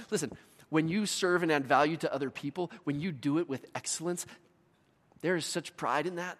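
Pastor preaching in a reverberant hall. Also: male voice, a little high, normal speed, fairly bright tone. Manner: storytelling with voiced asides and laughs. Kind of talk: sermon. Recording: long reverb of a large hall.

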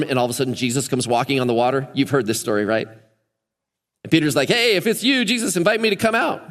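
High-voiced man preaching in a reverberant church. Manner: animated, acts out scripture voices. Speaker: pastor. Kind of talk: sermon. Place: church sanctuary. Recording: long church hall reverb.

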